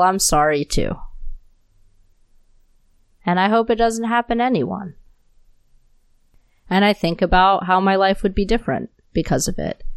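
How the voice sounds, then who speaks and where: A woman's voice: on the low side, no room sound. Angry, profane woman on a podcast. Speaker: podcast host. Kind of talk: solo podcast monologue. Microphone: new podcast mic.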